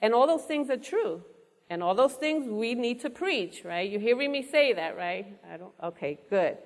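A woman's voice: fairly high pitch, animated, moderate pace. A woman preaching an interactive sermon, asking her listeners questions and repeating their answers back to them. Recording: long reverb of a large hall.

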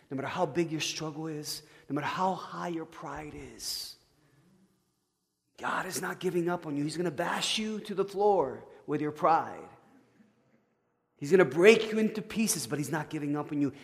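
Storytelling pastor in an echoey church. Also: male voice, fairly high pitch. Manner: conversational, stammering restarts, swings from loud to hushed. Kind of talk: sermon with personal storytelling.

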